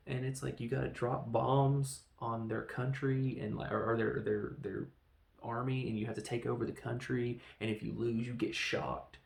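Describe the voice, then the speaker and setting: A man talks through a film plot on his review podcast in a loose, rambling way, slipping into quick character voices. His voice has a gravelly edge, and the room around him sounds roomy and echoey. His pitch sits in an ordinary middle range. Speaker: podcast host reviewing films. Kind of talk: casual film review monologue.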